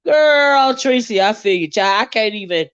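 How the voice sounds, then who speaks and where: A woman with a Southern US accent, hosting a casual livestream chat, sassy and quick to laugh, with drawn-out exclamations. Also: mid-range voice, expressive, fairly bright tone, clear, resonant tone, no echo, muffled recording. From American South. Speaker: livestream host reading viewer comments.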